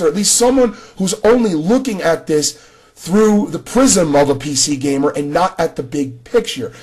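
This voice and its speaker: Husky-voiced man ranting about games. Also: sits high, a little mellow. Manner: conversational, frequent restarts, addresses another creator directly. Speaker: gaming commentator. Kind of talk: casual video response rant.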